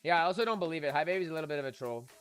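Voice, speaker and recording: A man's voice: a little high, lively intonation, very fast, a bit bright, clean tone, soft background music. A man hosting a live crypto trading stream, hyped and joking, chanting a catchphrase over and over. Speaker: host, crypto trader. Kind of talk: live-stream market commentary.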